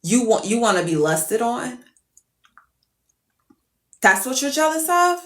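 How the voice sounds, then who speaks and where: A woman's voice: fairly high pitch, takes it slowly, roomy sound. A young woman, telling a profane, exasperated storytime rant to her followers. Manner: profane, animated, exasperated, laughing. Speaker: TikTok creator.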